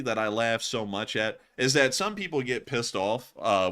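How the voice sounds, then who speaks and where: A man hosting a nightly news livestream, chatting casually, rambling and breaking into laughter. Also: medium pitch. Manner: laughs often, rambling and excitable.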